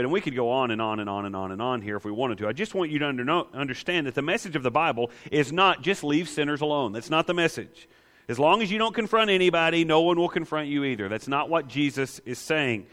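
A pastor preaching a sermon, emphatic and quick to pose rhetorical questions to the congregation. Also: male voice, fairly high pitch, fairly bright tone, in a large hall.

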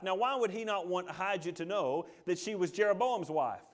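A man's voice: sits high, animated, normal speed, hardly any pauses. A man preaching a sermon, telling the story dramatically and acting out its quotes. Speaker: pastor.

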